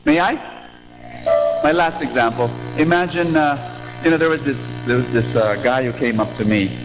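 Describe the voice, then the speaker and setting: A man preaching a sermon in a large church, animated and drawing the audience in with questions. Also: medium pitch, normal speed. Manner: animated, asks audience to respond. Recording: echoey hall with music behind.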